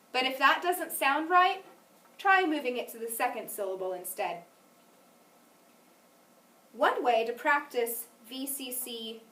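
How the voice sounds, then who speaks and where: A woman's voice: high-pitched, fairly bright tone. Patient woman teaching phonics. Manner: patient, prompting questions and praise. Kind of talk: classroom phonics lesson. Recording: echoey room, mic at a distance.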